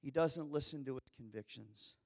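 A man's voice: medium pitch, moderate pace, a little mellow. Preacher man in an echoing hall. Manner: dramatic storytelling, acting out quoted lines. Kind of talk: sermon. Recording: long reverb of a large hall.

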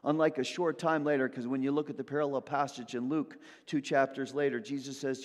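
A man preaching a sermon as pastor, building emphatically from hushed moments to loud ones. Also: medium pitch, level tone, fairly quick, hardly any pauses. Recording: long hall reverb.

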